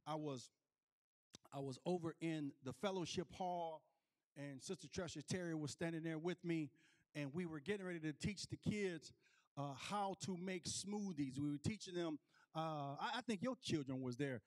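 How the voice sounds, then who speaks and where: A man's voice: a little high, moderate pace. A male preacher telling a story in a sermon, often restarting phrases and calling out to the congregation. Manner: repetitive restarts, calls out to the congregation.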